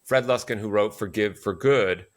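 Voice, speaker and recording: Male therapist guest, lowish voice, halting, thinks aloud with lots of "uh"s. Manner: halting, with many "uh"s and restarts. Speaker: guest, psychotherapist and author. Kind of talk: conversational interview answers.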